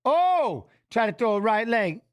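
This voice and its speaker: A middle-aged man hosting a fight watch-along, animated, coaching the fighters and chatting with viewers. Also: extremely high pitch, measured pace. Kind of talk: live watch-along commentary and chat reading.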